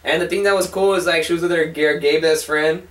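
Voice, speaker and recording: A young co-host tells crude, rambling stories in a casual chat, acting out the quotes within his tales. His voice is on the high side, steady, fairly quick, and fairly bright. He's recorded from a distance, off-mic, in an echoey room.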